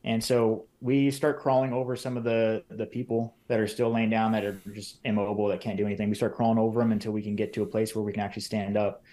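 A man on a podcast relates events in detail, performing people's words and leaning heavily on "like." His warm, lowish voice moves fast with hardly any pauses and little change in pitch.

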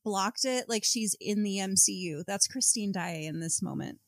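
A woman's voice: mid-range voice, moderate pace, no room sound. A woman co-hosting a casual book-club podcast, quoting the book with wry mock outrage. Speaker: podcast co-host.

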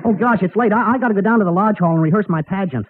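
An actor playing a bumbling, wisecracking young boyfriend in 1940s radio comedy, on a tinny old broadcast. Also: male voice, high-pitched, racing, husky, no echo. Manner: wisecracking, mock-dramatic.

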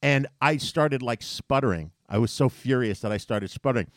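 A man telling a story in a casual chat, animated and profane, getting heated as he goes. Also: medium pitch, normal speed, dry recording, clean studio sound. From New York.

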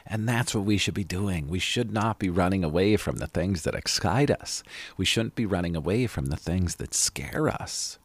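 Low-voiced middle-aged motivational podcast host. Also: male voice, expressive, moderate pace, breathy edge, dry recording. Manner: earnest, conversational, occasional swearing; emphatic repetition. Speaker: podcast host and life coach. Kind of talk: casual motivational monologue.

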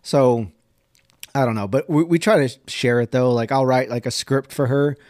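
A man's voice: mid-range voice, moderate pace, a little mellow, no room sound, studio quality. A man, a podcast guest and skincare brand owner, chatting casually and saying "dude" a lot. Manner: laid-back, says "dude" and "like" a lot.

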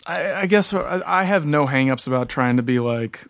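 A man's voice: fairly high pitch, expressive, normal speed, fairly bright tone, no room sound. Guy in his 30s on a podcast, loose and rambling, swears a lot, dry close mic. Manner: laid-back, profane, rambling. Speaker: podcast guest. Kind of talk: casual chat.

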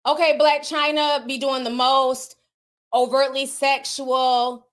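A woman's voice: sits high, level tone, slow pace, fairly bright tone. A woman commentator in casual chat, talking bluntly and with animation, swearing freely.

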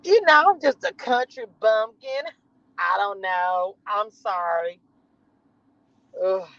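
A woman's voice: medium pitch, expressive, takes it slowly, a bit bright, dry recording, muffled recording. A woman putting on the voice of a ditzy, airheaded young country woman.

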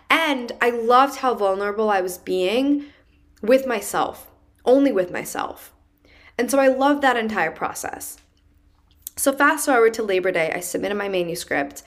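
A young adult woman hosting her podcast, telling a personal story in a casual, animated way and saying "like" often. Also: mid-range voice. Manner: chatty and animated, heavy use of "like". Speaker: podcast host.

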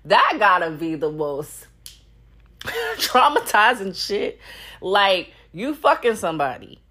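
A woman's voice: medium pitch, big pitch swings, slow pace, bright, forceful tone, husky. A young woman hosting her own podcast, chatting casually and candidly, swearing freely and laughing often. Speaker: podcast host. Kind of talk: casual solo podcast chat.

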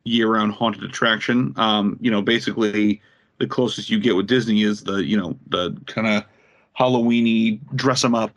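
A man's voice: lowish voice, fairly even intonation, moderate pace, muffled recording. A man co-hosting a casual podcast, telling stories in a rambling way with many fillers and getting incredulous as he goes. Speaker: podcast co-host.

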